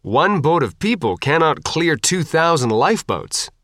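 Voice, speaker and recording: A man's voice: fairly high pitch, big pitch swings, measured pace, a bit bright, dry recording, studio quality, pitched above the performer's own voice, heavily acted. A man reading an audiobook, voicing a skeptical rescued man who doubts the plan. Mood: incredulous. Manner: skeptical, disbelieving.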